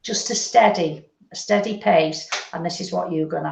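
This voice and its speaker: Gentle woman medium with some fry, recorded in an echoey room. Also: on the low side, moderate pace, slight background noise. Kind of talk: psychic reading. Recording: lo-fi echoey stream audio.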